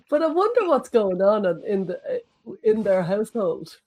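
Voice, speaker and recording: A woman with a lively, swooping voice that wanders widely in pitch. She muses aloud in a casual chat. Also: measured pace, husky, no room sound, poor audio.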